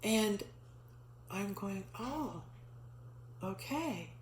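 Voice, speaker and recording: A woman's voice: medium pitch, drawn-out words, slight background noise. Woman telling a personal story, echoey room. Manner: animated, acts out quoted voices, frequent restarts and fillers. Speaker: storyteller sharing a spiritual experience.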